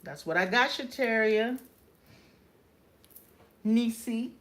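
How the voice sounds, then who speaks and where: Lady reading tarot on a live stream, talks real slow, easygoing and reassuring. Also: a little high, fairly bright tone. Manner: unhurried, reassuring card explanations with many fillers. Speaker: tarot reader.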